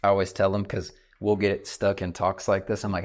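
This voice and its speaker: A man's voice: low-pitched, flat delivery, a little fast, darkish tone. A man in his thirties, a podcast host chatting casually, telling stories in an earnest, reflective way. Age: 30s. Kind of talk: casual conversation.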